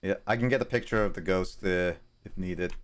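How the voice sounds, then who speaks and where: A man's voice: sits low, fairly quick. A man chatting casually with friends while playing a game online, easygoing and keeping the team organized. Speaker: gamer on a group stream. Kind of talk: casual gaming chat.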